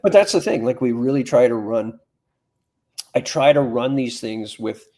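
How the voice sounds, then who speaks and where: A man's voice: mid-range voice, lively intonation, normal speed, a little mellow. A middle-aged man, a firearms instructor chatting as a podcast guest in a plain-spoken, anecdotal way. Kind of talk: casual podcast conversation.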